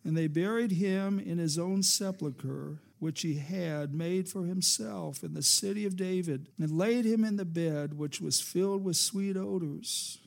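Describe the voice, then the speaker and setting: Preaching unhurriedly, a man with a fairly high, gravelly voice lets each phrase climb and dip to stress his points. This pastor's delivery grows almost hushed just before he asks his congregation to say amen.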